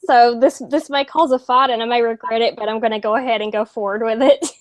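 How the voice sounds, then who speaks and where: A woman's voice: on the high side, steady tone, fast talker. A woman hosting a casual interview, friendly and giggly, joking at her own expense. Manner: friendly, giggly, self-deprecating. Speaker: host.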